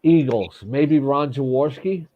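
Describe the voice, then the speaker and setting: A man's voice: medium pitch, takes it slowly. A man who is a fantasy football guest, chatting in a self-deprecating, talkative way over remote audio. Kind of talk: casual chat. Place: home in New York. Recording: dull dry remote audio.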